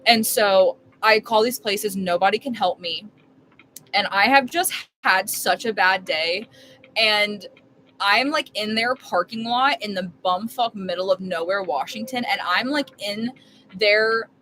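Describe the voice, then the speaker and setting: A young woman chats into a live stream from inside her RV as she makes dinner. She tells her story casually and emphatically, rambling on with filler words. Her voice sits at a middle pitch, with a faint hum of background noise behind it. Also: unhurried, bright, forceful tone, rough recording. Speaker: full-time RV live streamer.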